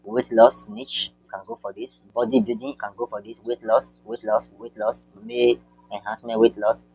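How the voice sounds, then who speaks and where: A man walking viewers through an online marketing tutorial on screen, talking in a halting way with repeated words and many fillers. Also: on the low side, flat delivery, darkish tone, slightly rough, soft background music, low-quality recording.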